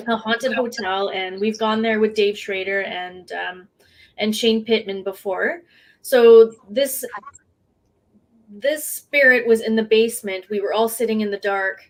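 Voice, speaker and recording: Hesitant woman telling a ghost story. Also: a little high. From Canada. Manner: hesitant, laughs often. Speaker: team videographer, guest. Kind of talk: casual storytelling.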